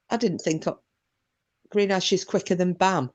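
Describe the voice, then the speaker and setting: This woman talks in a lowish voice. She hosts a livestream in a loose, chatty way, swearing freely and reading viewer comments aloud between her own remarks. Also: moderate pace. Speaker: livestream host. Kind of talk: casual chat.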